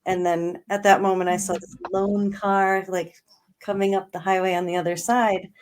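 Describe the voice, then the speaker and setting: A middle-aged woman, a guest in an interview, telling a personal story in earnest, slowing down on emotional words and laughing now and then. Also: medium pitch, little pitch movement. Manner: earnest, slows right down on emotional words, laughs between lines.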